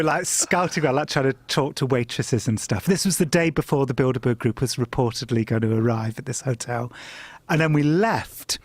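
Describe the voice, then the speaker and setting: A middle-aged man telling an anecdote in a casual chat, animated and swearing, often laughing and jumping up in pitch when he quotes people. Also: no room sound. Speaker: guest storyteller.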